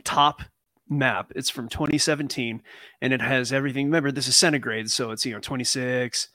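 A man hosting a casual political podcast, talking in a relaxed, hesitant way with many fillers. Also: medium pitch, brisk, no room sound. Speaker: podcast host.

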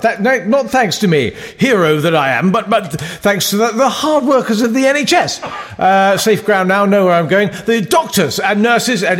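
A man's voice: sits high, a bit bright, long reverb tail. A man impersonating a flustered, blustering prime minister who stammers and laughs through his answers in a parliament sketch.

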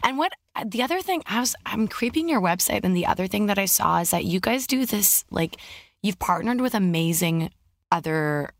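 A woman hosting a podcast interview, enthusiastic and quick with reactions and gasps. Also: medium pitch, lively intonation, no room sound, studio quality. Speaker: podcast host.

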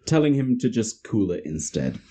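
Man, podcast host, casual film recap, husky, very lively pitch, laughs often. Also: moderate pace.

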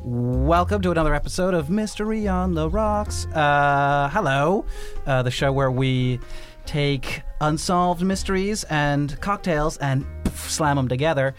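Man, podcast host, casual rambling chat, fillers, slightly high voice, faint music. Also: a little slow. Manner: rambling, laughing, many fillers.

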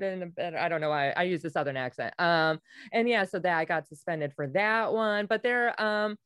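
A woman's voice: fairly low pitch, moderate pace, smooth, no echo, studio quality. A woman comedian chatting casually on a podcast, swearing freely and laughing through her stories. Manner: crude, laughing, lively storyteller. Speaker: comedian guest.

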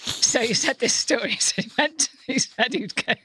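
A woman in her sixties from North Wales, a podcast guest telling animated anecdotes and mimicking the people in them. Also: a little high, normal speed, noisy background. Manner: animated storyteller, mimics voices with laughter. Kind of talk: casual podcast chat, anecdotes.

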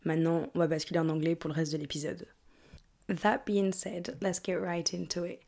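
Chatty young woman, slightly low voice. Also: a little fast, creaky. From England. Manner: chatty and excitable, rambling asides. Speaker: podcast host. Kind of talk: casual solo podcast chat.

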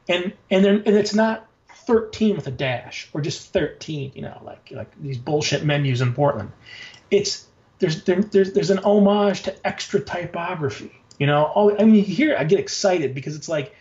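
A man talking casually and excitedly in an interview, rambling with many fillers and frequent swearing. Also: fairly high pitch, creaky, highs cut off. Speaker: guest, designer and notebook maker.

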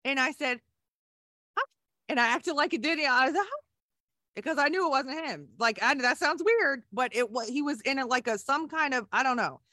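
A woman's voice: high-pitched, lively intonation, brisk, hardly any pauses, bright, forceful tone, dry recording, clean studio sound. A middle-aged woman, a nurse, telling her story candidly in an emotional, rambling way with many restarts. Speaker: guest, nurse.

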